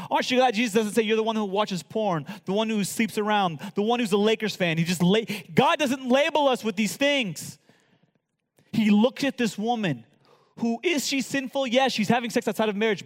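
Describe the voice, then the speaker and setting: A man preaching a sermon as pastor, swinging from loud emphatic lines to hushed near-whispers. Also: high voice, fairly quick, big-room sound.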